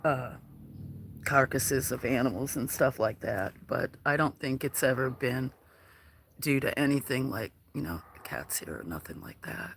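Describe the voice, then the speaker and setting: A man hosting a casual livestream outdoors at a farm, talking in a soft, hesitant way with lots of fillers. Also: medium pitch, gravelly, slight background noise. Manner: slow, soft-spoken, hesitant with many fillers. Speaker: livestream host.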